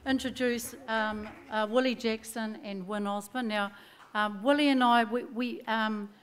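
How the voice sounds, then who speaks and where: A woman's voice: on the high side, unhurried. A woman with a New Zealand accent giving a chatty acceptance speech, full of anecdotes and quoted voices. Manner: chatty, animated storytelling with laughs and quoted voices. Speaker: award-winning singer giving acceptance speech.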